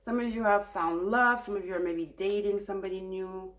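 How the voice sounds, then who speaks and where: A woman giving a casual tarot reading, speaking softly and soothingly and turning animated when she gets excited. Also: mid-range voice, brisk, noisy background. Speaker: tarot reader.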